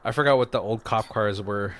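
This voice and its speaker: A man co-hosting a casual podcast, rambling through a movie plot with lots of swearing, laughter and quick voiced-out character lines. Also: lowish voice, a bit bright. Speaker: podcast co-host. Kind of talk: casual movie recap chat.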